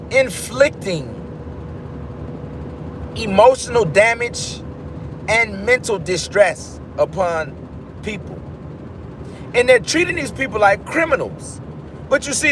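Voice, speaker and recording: A man giving casual commentary to his viewers, rambling and animated, often breaking off mid-thought and restarting. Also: very high-pitched, a little hiss or hum. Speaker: vlogger.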